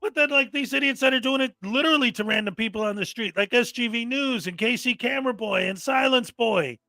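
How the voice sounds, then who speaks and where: A man with a very high, sharply bright voice hosts a reaction commentary, exasperated and mocking as he rants. His sound is dry and close, with faint music underneath. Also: fairly quick, gravelly, no echo. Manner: exasperated, mocking, often mimics people angrily. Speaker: commentary host.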